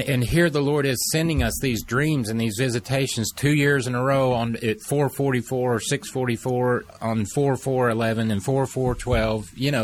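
A middle-aged man telling an emotional faith story, animated and acting out the quoted voices. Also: medium pitch. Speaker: guest telling a testimony.

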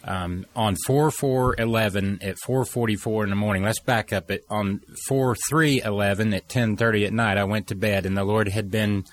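A middle-aged man telling an earnest personal story, with halting restarts and pauses. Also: lowish voice, steady tone. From United States. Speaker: speaker telling a personal testimony.

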